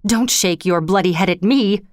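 A woman voicing a haunted, guilty male king in a storybook reading, speaking in slow, dramatic outbursts. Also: mid-range voice, no room sound, studio quality, lightly acted. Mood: horrified.

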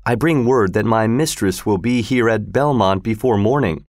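A man's voice: fairly low pitch, normal speed, darkish tone, no echo, studio quality, lightly acted. A man voicing a plain, dutiful young male messenger in a storybook reading.

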